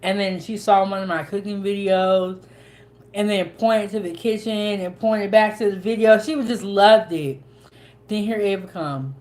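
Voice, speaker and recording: Eating while she talks, a young cooking-channel host keeps up a chatty, folksy conversation full of dialect grammar. Her voice is mid-range with a darkish tone, at a normal speed.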